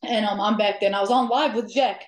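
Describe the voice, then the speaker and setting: A woman guest telling ghost-hunting stories in casual chat, lively, laughing often and filling pauses with "um". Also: medium pitch. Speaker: guest, amateur ghost hunter. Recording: echoey room.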